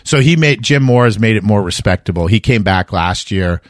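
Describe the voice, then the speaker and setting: A man's voice: fairly low pitch, brisk, no room sound, clean studio sound. A middle-aged man co-hosting a sports betting podcast, chatting casually and animatedly, acting out quotes. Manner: animated, jokey, acts out quotes. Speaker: podcast co-host giving betting picks.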